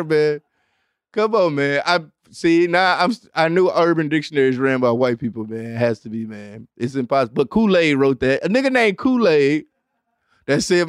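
A man hosting a podcast in casual, animated comedic chat, laughing often and slipping into exaggerated voices when he quotes people. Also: on the high side, normal speed, no room sound, clean studio sound. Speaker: podcast host.

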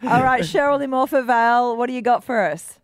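A woman co-hosting breakfast radio, chatty and quick with a quip. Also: on the high side, a loud crowd. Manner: reads song lyrics in a deadpan newsreader voice. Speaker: radio co-host.

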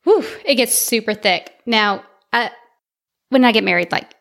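A chatty woman with an Alabama accent, guesting on a podcast and telling family stories with an easy laugh. Her voice sits a little high. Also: expressive, moderate pace, gravelly, a bit bright. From Vallejo, California. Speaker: podcast guest, co-host of her own show. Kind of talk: casual interview chat.

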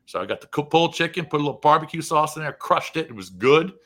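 A middle-aged man with a bright, forceful voice spins a casual road-trip tale on a talk show. He slips into the voices of the people he met as he tells it. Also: on the high side, fast. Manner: animated, acts out quoted dialogue in the story. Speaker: co-host telling a travel story. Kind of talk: casual storytelling chat.

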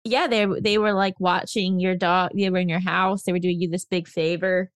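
A woman's voice: on the low side, flat delivery, normal speed, clear, resonant tone, dry recording, clean studio sound. A woman co-hosting a podcast, reading game prompts out in a casual, playful way. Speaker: podcast co-host.

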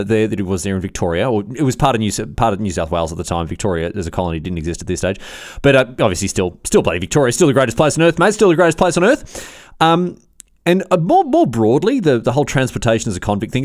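Australian man hosting a casual history podcast, quick and bouncy, dry close-miked sound, slangy and laid-back. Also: mid-range voice, dry recording. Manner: blokey and animated, peppered with slang and fillers. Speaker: podcast host.

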